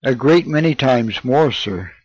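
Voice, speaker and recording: A man's voice: medium pitch, animated, unhurried, a little mellow, dry recording, muffled recording. A man reading the lines of a timid young schoolboy making his confession. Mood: hesitant. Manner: hesitant, apologetic.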